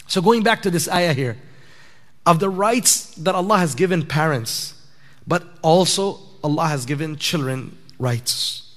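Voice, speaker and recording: A man's voice: a little high, lively intonation, unhurried, fairly bright tone. A man giving a conversational sermon in a mosque prayer hall, asking rhetorical questions and building to emphatic points. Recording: long hall reverb.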